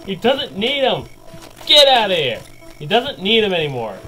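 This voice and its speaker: An excitable man with a high voice gives running let's play commentary, yelping and laughing at his mishaps. Faint music plays in the background. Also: moderate pace, poor audio. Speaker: gaming video creator.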